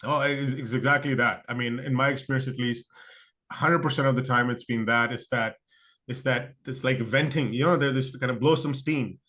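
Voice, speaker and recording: Man, interview guest, reflective, filler-heavy, restarts sentences, mid pitch. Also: fairly even intonation, moderate pace, bright, forceful tone. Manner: thoughtful, lots of fillers and restarts; acts out other people's quoted excuses. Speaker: podcast guest. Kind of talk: conversational interview.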